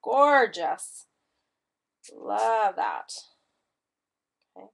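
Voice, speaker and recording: A woman's voice: medium pitch, animated, very slow, creaky. A woman teaching a live-streamed mixed media art class, chatty and enthusiastic as she demonstrates. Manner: chatty and enthusiastic, gushing over colors.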